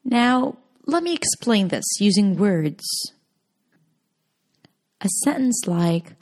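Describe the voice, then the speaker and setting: A woman narrating a scripted pronunciation lesson, speaking clearly and deliberately as she models example sentences. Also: mid-range voice, sing-song, a little mellow. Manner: slow, clear, deliberate demonstrations. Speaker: pronunciation teacher.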